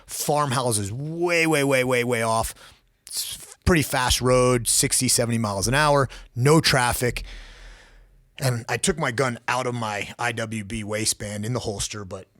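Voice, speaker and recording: A man's voice: medium pitch, measured pace, a bit bright, no room sound, studio quality. A man in his forties, a former law enforcement officer, telling a personal story as a podcast guest, blunt and raw, swearing freely.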